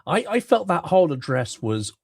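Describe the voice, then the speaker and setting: A man co-hosting a political talk show, speaking in an articulate, measured way with some fillers. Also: fairly high pitch, sing-song, gravelly, slightly rough, no room sound, clean studio sound. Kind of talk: political commentary chat.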